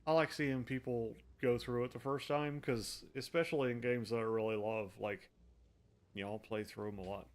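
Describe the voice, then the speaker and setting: A man streaming a game, chatting casually and self-deprecatingly with his viewers while he plays. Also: medium pitch. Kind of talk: casual gameplay commentary. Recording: faint music in the background.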